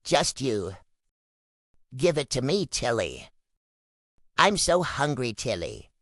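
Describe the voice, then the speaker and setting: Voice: mid-range voice, big pitch swings, slow pace, no echo, studio quality, full character voice. A person voicing a hungry, dramatic pet dog who begs over and over in a home video. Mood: begging. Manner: begging, repetitive pleading.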